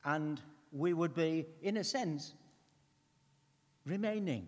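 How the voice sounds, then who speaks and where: A man giving a conversational sermon as a preacher, earnest, swinging between emphatic lines and hushed ones. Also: a little high, takes it slowly. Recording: long hall reverb.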